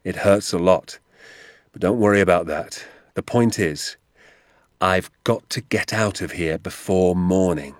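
A man playing a calm, injured father. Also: a little slow, no echo, clean studio sound. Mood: calm, steady. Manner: firm, reassuring, low-key. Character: injured father, calm and steady despite pain.

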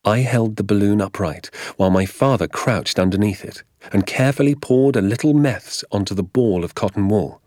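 Deep-voiced man narrating a storybook. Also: dry recording, studio quality. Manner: measured, expressive storytelling. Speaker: audiobook narrator. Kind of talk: scripted narration.

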